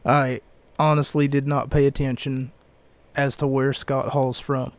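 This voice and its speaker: A man's voice: medium pitch, flat delivery, takes it slowly. A man hosting a casual solo podcast, talking in a rambling, hesitant way with dry wordplay. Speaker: podcast host.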